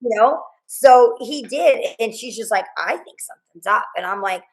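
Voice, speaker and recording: A middle-aged woman being interviewed, recounting a frightening night in a rambling, halting way, full of restarts and quoted dialogue. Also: on the high side, expressive, poor audio. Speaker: guest, mother of a murdered student. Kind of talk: emotional interview storytelling.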